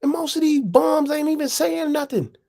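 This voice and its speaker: A man's voice: very high-pitched, moderate pace, creaky, darkish tone. A man hosting his own channel, giving a profane, preachy monologue full of slang and rhetorical questions. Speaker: host. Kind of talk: casual monologue.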